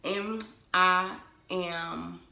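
A woman's voice: fairly low pitch, fairly even intonation, very slow, vocal fry, sharp tone, reverberant. A woman vlogging casually to camera, chatting in a sassy, emphatic way about a product she bought. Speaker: vlogger reviewing a wig-making canvas head.

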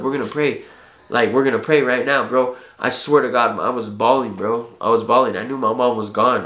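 A man's voice: medium pitch, fairly bright tone. A man telling a personal story in casual, heartfelt street slang, with frequent profanity. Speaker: vlogger. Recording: echoey room.

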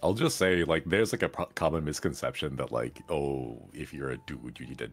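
A man's voice: rumbling low, a little fast, faint music behind. A man chatting casually, laid-back and reassuring, often chuckling. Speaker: stream co-host. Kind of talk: casual chat.

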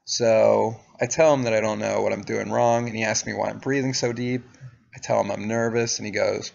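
A man's voice: fairly low pitch, little pitch movement, moderate pace, creaky, darkish tone, lo-fi sound. A young man telling a story to camera in a casual, profane, sardonic way. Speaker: vlogger.

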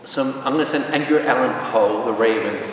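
Joking priest in an echoey hall. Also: male voice, medium pitch, brisk, far from the mic, a little hiss or hum. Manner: jokey, lively teaching with asides and questions to the group. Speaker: priest leading a Bible study. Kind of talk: informal Bible study teaching.

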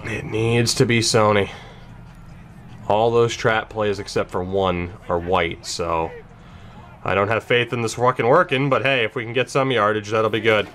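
A young man commentating his own football video game, emotional and swearing, going from tense muttering to high yelling. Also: steady tone, moderate pace. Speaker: gaming YouTuber. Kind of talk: gameplay commentary.

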